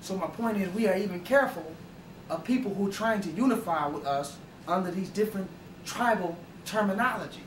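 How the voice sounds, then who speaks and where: A man's voice: high-pitched, fairly quick, far from the mic. A man with a slightly raised voice gives an emphatic, profane lecture and keeps checking in with rhetorical questions. He sounds set back from the mic, and his voice rings around a reverberant room with a faint hum behind it. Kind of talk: informal lecture. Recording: roomy echo, voice away from the mic.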